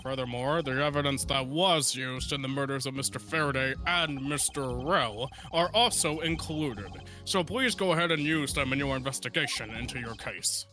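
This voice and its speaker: A man's voice: mid-range voice, moderate pace, hardly any pauses, bright, forceful tone, natural voice. A man voicing a flustered, absent-minded older judge in a fan game dub, hesitant and stammering. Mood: formal. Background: game music.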